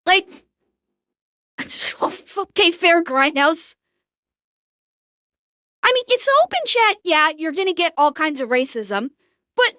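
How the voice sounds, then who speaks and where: Young woman streamer, super high voice, swears a lot, dry close sound. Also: expressive, fairly bright tone, dry recording. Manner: blunt, profane, fast ranting. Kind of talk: live reaction commentary.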